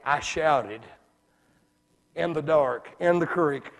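A man preaching a sermon in a church, folksy, dropping to hushed asides and rising to shouts. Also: fairly high pitch, slow pace, creaky. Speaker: evangelist preacher. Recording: reverberant hall.

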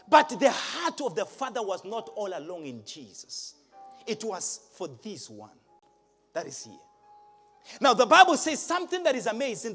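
Male pastor, live sermon, big swooping delivery that climbs to shouts. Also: very high voice. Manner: emphatic, rising to shouts, asks the crowd questions. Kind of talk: live preaching. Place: large church hall.

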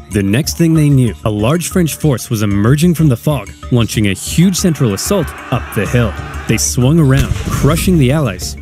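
A man narrating an animated history video in a brisk, punchy, dramatic way. His voice is mellow and his pitch swings widely, with faint music underneath. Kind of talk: scripted comedic history narration.

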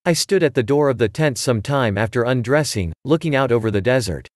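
Male audiobook narrator, measured, dry studio sound, mid pitch. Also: animated, dry recording. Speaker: audiobook reader. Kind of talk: scripted narration.

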